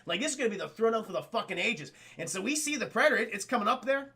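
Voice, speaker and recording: A man's voice: high voice, animated, very fast, bright, forceful tone, breathy edge. A man recapping a film scene by scene for his live chat, laughing, swearing and acting out the characters' lines. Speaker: streamer reviewing a film.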